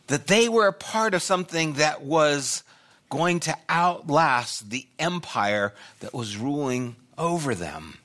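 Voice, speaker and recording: An older man preaching a sermon as pastor, telling a personal story with loud bursts and quiet asides. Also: fairly high pitch, animated, takes it slowly.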